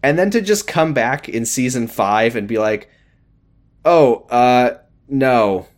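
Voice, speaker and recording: This man co-hosts a laid-back TV recap in an ordinary male register. His pitch swings widely as he walks through scenes, quoting the characters and adding deadpan jokes. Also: moderate pace. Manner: animated storyteller, quotes characters with dry jokes. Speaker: podcast co-host. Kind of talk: casual chat recapping a TV show.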